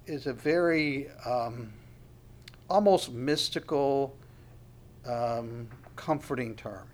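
A man's voice: mid-range voice, takes it slowly. A man preaching a conversational sermon in a reflective way, asking his listeners questions as he goes.

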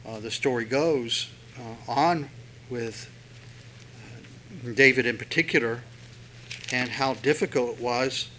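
Male preacher, bright voice, chatty storytelling sermon, faint hum. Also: medium pitch, low-quality recording. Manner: conversational, storytelling, with many fillers.

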